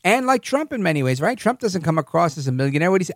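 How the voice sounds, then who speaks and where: A man's voice: high voice, sing-song, rapid-fire, hardly any pauses, dry recording, clean studio sound. A man hosting a political commentary monologue, sarcastic and mocking in a conversational way. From New York. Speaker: host.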